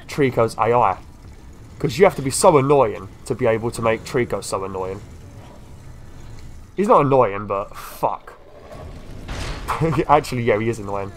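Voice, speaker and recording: A man doing let's-play commentary, swearing and scolding a game creature. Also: mid-range voice. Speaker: gaming YouTuber.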